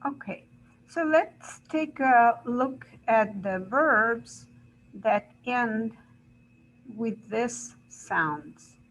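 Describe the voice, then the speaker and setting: Slow, deliberate woman teaching English grammar. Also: on the high side, lively intonation, rough recording. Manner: slow, deliberate, repeats examples and checks with "right?". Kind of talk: grammar lesson explanation.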